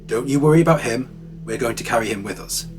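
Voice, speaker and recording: A frightened grandmother, pleading and desperate one moment, soothing a child the next, as a male narrator reads her lines. The voice sits at a medium pitch with faint music underneath. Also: animated, quick pace, darkish tone, close to an everyday voice. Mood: reassuring. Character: frightened middle-aged woman witness, grandmother.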